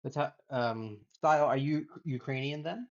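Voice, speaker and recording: A man chats casually while drawing on a livestream, muttering to himself as he works and then turning to greet his viewers. His voice sits at an ordinary middle pitch. The stream audio sounds a little dull and lo-fi. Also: normal speed. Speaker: illustration livestreamer.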